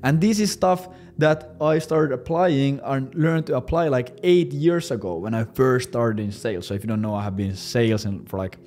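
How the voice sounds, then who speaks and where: A man in his twenties giving a casual sales-coaching talk, brash and profane, sometimes putting on high squeaky voices. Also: normal speed, hardly any pauses, a little mellow, faint music behind. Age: 20s. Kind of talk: casual instructional monologue.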